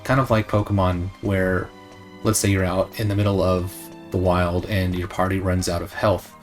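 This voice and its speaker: A man's voice: low voice, darkish tone. Jokey man commentating a game. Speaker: let's play host. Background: faint game music.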